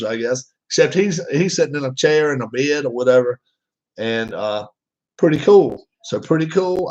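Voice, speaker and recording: A man chatting casually to his viewers, rambling, with many fillers and restarts. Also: medium pitch. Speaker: vlogger. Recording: dull lo-fi sound.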